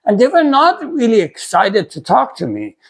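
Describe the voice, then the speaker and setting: Earnest middle-aged man, lively pitch. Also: breathy edge. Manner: earnest, halting, many fillers and restarts. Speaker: pastor, ministry video host. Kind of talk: personal testimony talk.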